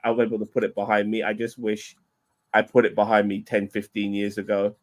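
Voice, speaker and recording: A man's voice: fairly low pitch, monotone, fairly quick, darkish tone. Rambling, swearing British-sounding man. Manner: rambling, swears a lot, repeats words. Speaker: streamer. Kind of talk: casual chat.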